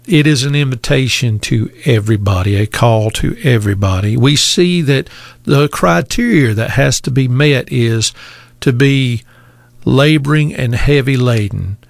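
Male preacher, gravelly and unhurried, dry recording, deliberate repetitive delivery. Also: mid-range voice, no room sound. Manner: slow, deliberate preaching with repeated phrases. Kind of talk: sermon.

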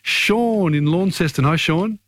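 Chatty radio quiz host. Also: male voice, high voice, measured pace, no echo, studio quality. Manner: chatty, takes callers one after another.

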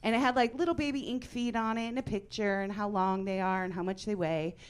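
A woman in her forties performing a stand-up comedy set, with a dry deadpan delivery that breaks into loud bursts of mock outrage. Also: mid-range voice, fairly quick, clean tone. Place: comedy club stage before a live audience.

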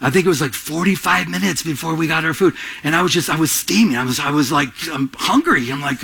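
A man preaching a sermon to a congregation, animated, swinging between soft and raised delivery and acting out little scenes with quoted voices. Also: sits high, a little fast, vocal fry, slightly rough. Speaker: pastor.

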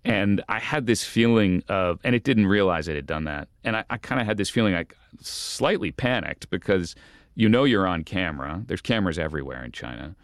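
A man, a journalist guest in an interview, telling a story in an animated way with stumbling restarts and amused asides. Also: low voice, a little fast, no room sound, clean studio sound.

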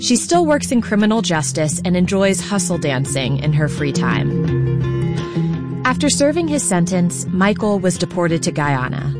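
A woman hosting a radio show, reading a scripted outro in a calm, measured way. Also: lowish voice. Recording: radio broadcast over loud music and applause.

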